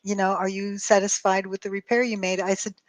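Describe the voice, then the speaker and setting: A woman's voice: mid-range voice, level tone, a little fast, no room sound. A woman telling a long story on a call show, acting out both sides of the dialogue and swearing freely. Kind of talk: casual storytelling chat.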